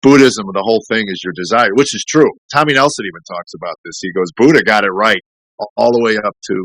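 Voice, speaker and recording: A middle-aged man with a very low voice tells a long, candid story in a podcast conversation. He rambles, restarts sentences and acts out the voices of others. The sound is dry and close, with no room echo. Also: fast talker, fairly bright tone. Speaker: comedian guest.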